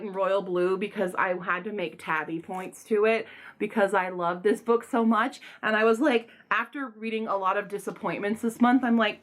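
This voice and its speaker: Speaking at a medium pitch, a young woman rattles off rambling book reviews in a laid-back vlog. She is excitable and effusive, with sudden loud outbursts.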